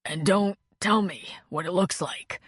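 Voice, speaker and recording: A woman voicing a hurt, weakened man in an audiobook, speaking in a raspy, strained voice. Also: on the low side, unhurried, no echo, studio quality. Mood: weak. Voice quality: raspy, weak. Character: injured, weakened adult man.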